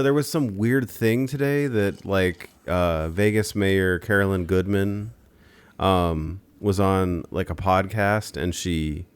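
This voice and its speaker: Very deep-voiced rambling man. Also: smooth. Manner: rambling, hesitant, lots of fillers. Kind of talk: casual podcast chat.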